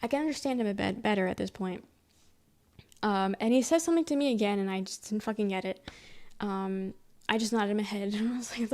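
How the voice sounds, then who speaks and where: A soft-spoken woman streamer rambling through a story in casual chat, swearing freely. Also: mid-range voice, a little fast.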